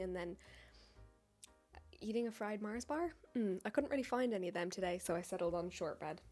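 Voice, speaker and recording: A woman's voice: mid-range voice, darkish tone. Jokey English woman baker vlogging. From United Kingdom. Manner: jokey, self-mocking, chatty asides. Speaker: baker and video creator. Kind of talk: casual vlog chat. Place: home, tripod camera.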